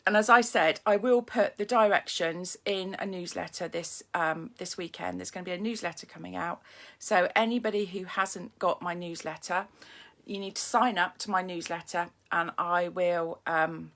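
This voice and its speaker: A woman hosting a live papercraft demonstration from her home craft desk, chatty and eager, greeting viewers by name and filling pauses with ums and restarts, recorded on a streaming camera. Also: fairly low pitch, a bit bright. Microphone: phone or camera streaming live.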